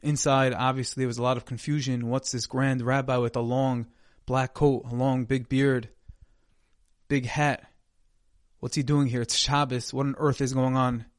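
An earnest man delivering a sermon as a dramatic story, his voice middle in pitch. The sound is dry and close, with no room around it. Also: flat delivery, moderate pace, dry recording. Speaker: speaker giving a Torah talk.

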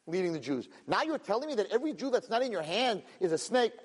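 A man's voice: high-pitched, sing-song, fast talker, breathy edge, voice pushed up, heavily acted. A male lecturer voicing Moses as a worried, older male leader, pleading in exasperation. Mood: exasperated. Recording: long hall reverb.

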